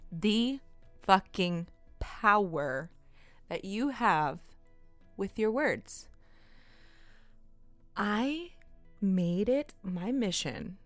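A young woman hosting her own podcast, talking in a giggly, excitable way and swearing often. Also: lowish voice, dry recording. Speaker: podcast host. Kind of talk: casual solo podcast.

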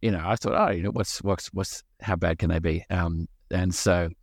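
Deep-voiced hesitant man chatting. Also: steady tone, no echo, studio quality. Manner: halting, full of fillers and restarts. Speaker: podcast co-host. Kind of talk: casual chat.

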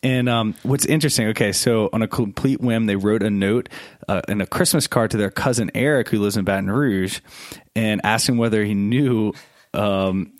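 A man, a priest, hosting a casual podcast chat, animated and laughing often, jumping up high for emphasis. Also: normal speed, no echo, clean studio sound. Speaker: podcast host; Catholic priest.

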